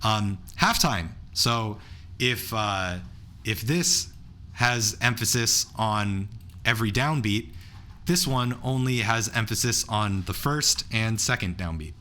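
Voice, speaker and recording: A man's voice: fairly low pitch, animated, slow, pushed and bright. A man running an online beatboxing workshop, counting out rhythms and talking through patterns in a loose, enthusiastic way. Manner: counts beats aloud and breaks into beatbox sounds; enthusiastic, loose, restarts often. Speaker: beatboxing instructor.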